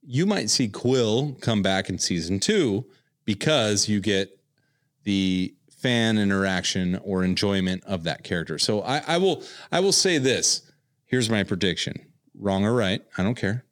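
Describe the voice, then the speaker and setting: A man hosting a casual chat, animated and joking as he steers the talk. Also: lowish voice, a little slow. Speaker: podcast host.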